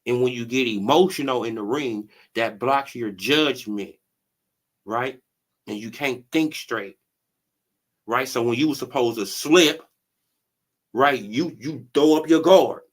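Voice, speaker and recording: A boxing commentary channel host speaks in a mid-range voice at a measured pace, leaving long pauses. On his casual stream he talks animatedly in slang, laughs a lot, and keeps throwing in "right?" and "bro."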